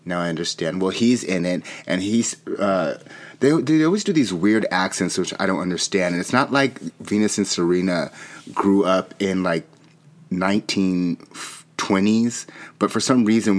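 A plainspoken man co-hosting a casual comedic chat, with a very low voice. He talks earnestly and sometimes sounds a bit puzzled. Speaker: podcast co-host.

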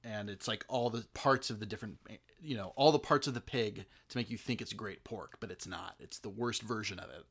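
A man's voice: on the low side, fairly quick, fairly bright tone, slightly rough. A man talking through a film in a casual chat, rambling with many fillers and restarts.

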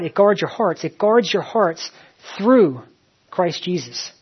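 Middle-aged male pastor, husky voice, sermon delivery, repetitive phrasing, slightly dull recording. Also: high-pitched, expressive, slow pace. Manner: repeats phrases, many "you know" fillers.

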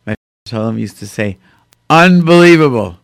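Guest, male. Animated storyteller who acts out quotes and drops in Hebrew terms. Mid pitch, dry close recording. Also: moderate pace, no echo. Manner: sprinkles Hebrew and Yiddish terms. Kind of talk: casual storytelling in conversation.

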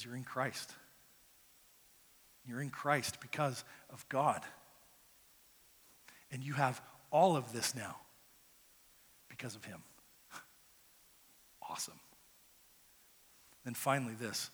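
A man's voice: medium pitch, fairly bright tone, husky. A man preaching a sermon as pastor, earnest and conversational, often repeating words as he starts a phrase. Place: church sanctuary. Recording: long hall reverb.

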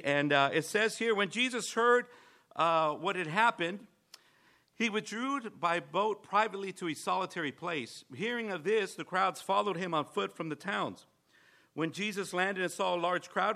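Bright-voiced enthusiastic male preacher. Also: sits high, animated, moderate pace. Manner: enthusiastic, asks the listeners questions, frequent restarts. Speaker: pastor. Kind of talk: sermon with scripture reading.

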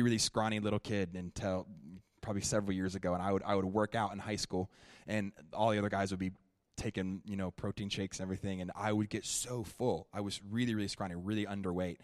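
A young man preaching a sermon at a church, shifting from animated, joking storytelling to quiet, prayerful ministry. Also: fairly low pitch, brisk, no room sound, studio quality. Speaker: guest preacher.

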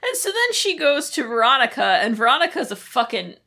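A woman co-hosting a casual recap chat, animated and blunt, swearing freely. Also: sits high, brisk, slight background noise. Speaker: podcast co-host.

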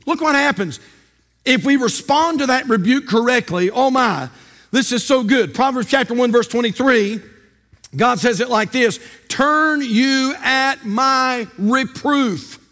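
A man's voice: very high voice, lively intonation, normal speed, fairly bright tone, long reverb tail. An older man preaching a sermon as pastor, folksy and storytelling, with rhetorical questions. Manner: folksy, asks rhetorical questions and tells stories.

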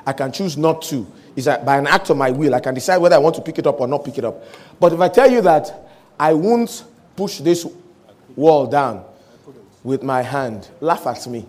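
Male preacher, lively pitch, slightly higher voice, animated storytelling sermon delivery. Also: moderate pace. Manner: animated storytelling, voicing quoted speech, rising to shouts.

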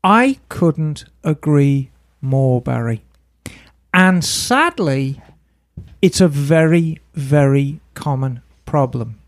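A woman's voice: low voice, darkish tone, no echo, studio quality. A woman who runs a motorcycle shop, co-hosting a podcast in frank, chatty talk and laughing easily. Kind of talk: casual podcast chat.

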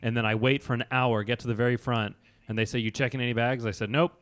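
A man in casual podcast chat, recounting a story with plenty of back-and-forth quoting. His voice sits at an ordinary middle pitch, and his delivery is animated, with quick shifts between his own voice and the people he imitates. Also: clean tone. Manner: animated storyteller acting out both sides of a dialogue. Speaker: podcast co-host. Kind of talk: casual chat, telling an anecdote.

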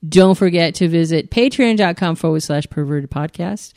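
A woman's voice: on the low side, moderate pace, darkish tone, no room sound, studio quality. A woman co-hosting a podcast, giggly and playful in casual banter, with music faintly behind. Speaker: podcast co-host.

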